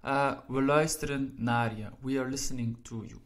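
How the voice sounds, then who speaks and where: A man teaching a language lesson, explaining example sentences step by step, slowing down to read each one and often checking in with "right?". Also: medium pitch, fairly even intonation. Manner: repeats "right?" and "all right?" after points, slows down to read example sentences.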